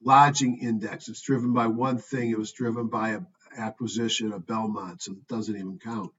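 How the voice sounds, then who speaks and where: A man's voice: on the low side, fairly even intonation, normal speed, fairly bright tone. A man talking through stock charts in an offhand, thinking-aloud way, with frequent ums and asides. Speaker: stock market commentator. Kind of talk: casual screen-share market review. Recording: dull distant mic with faint noise.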